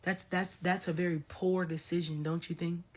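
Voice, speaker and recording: A woman's voice: lowish voice, little pitch movement, normal speed, darkish tone. A woman spiritual coach giving casual ranting commentary to her followers, talking emphatically and repeating phrases for stress.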